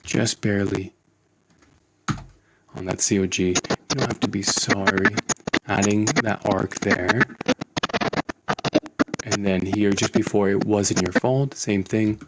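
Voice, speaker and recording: A man teaching animation in a screen-recorded tutorial, relaxed and thinking aloud as he works. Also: lowish voice, slow pace, pauses often, heavy background noise. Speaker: animation instructor.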